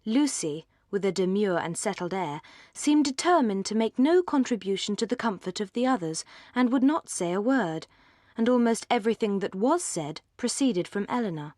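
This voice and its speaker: A woman narrating an audiobook of a classic novel in a measured, articulate reading. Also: mid-range voice, expressive, a little mellow, no room sound, studio quality. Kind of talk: scripted narration.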